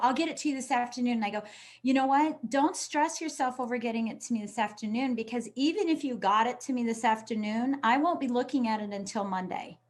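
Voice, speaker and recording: A woman speaking as a podcast guest and coach, explaining earnestly and acting out quoted people. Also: on the high side. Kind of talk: casual interview chat.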